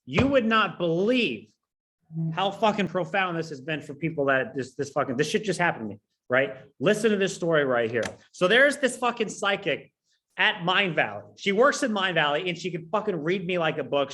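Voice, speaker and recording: A man in his thirties from California, telling a personal story in a casual, profane, rambling way, on a low-quality recording. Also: fairly bright tone. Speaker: online business coach.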